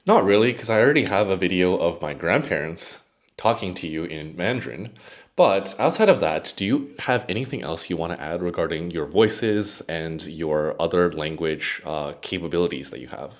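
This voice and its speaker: This is a man with a very low voice hosting a casual tech review. His talk is chatty and lively, rising and falling a lot as he talks straight to an AI assistant. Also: moderate pace. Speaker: tech YouTuber.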